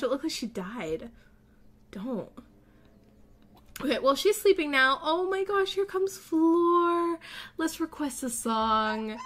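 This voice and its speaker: A young woman giving casual gameplay commentary as a let's play host, gushing and excitable, often gasping. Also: very high-pitched.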